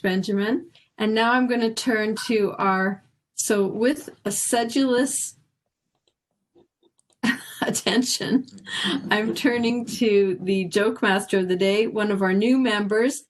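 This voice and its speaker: A woman chairing a club meeting over a video call, friendly and brisk. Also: medium pitch.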